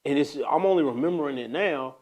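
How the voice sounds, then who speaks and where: A man hosting a casual faith talk, telling a story with animated energy that slides into preaching. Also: fairly high pitch, brisk. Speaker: host.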